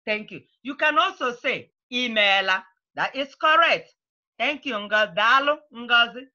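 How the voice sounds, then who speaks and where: A woman teaching a beginner language class, patiently repeating phrases slowly and clearly for her students. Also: a little high, animated, sharp tone, highs cut off. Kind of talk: online language lesson.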